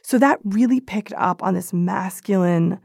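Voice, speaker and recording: A woman guest explains things in a relaxed, conversational way. Her voice has a gravelly, fried edge, and the recording is close and dry. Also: mid-range voice, measured pace, no room sound. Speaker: expert guest. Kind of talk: interview answers.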